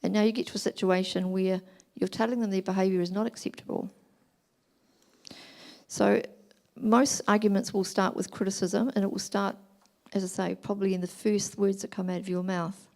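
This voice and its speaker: A middle-aged woman giving a talk at a church family weekend, explaining gently and acting out examples. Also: medium pitch, little pitch movement, moderate pace, vocal fry. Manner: gentle, explanatory, acts out examples in quoted voices.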